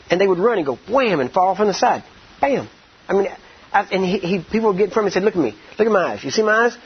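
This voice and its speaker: A man with a husky, fairly high voice teaches a ministry training class like a sermon. He tells stories in a lively, colloquial way and often stumbles over and repeats his words. The recording is dull and lo-fi. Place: training session room. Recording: dull lo-fi audio.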